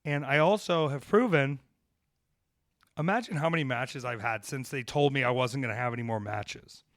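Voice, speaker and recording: Man, pro wrestler podcast host, swearing, emphatic, loud then hushed, mid voice, dry recording. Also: medium pitch, normal speed, no room sound. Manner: profane, emphatic, swings between loud and hushed. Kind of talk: fired-up rant, then casual storytelling.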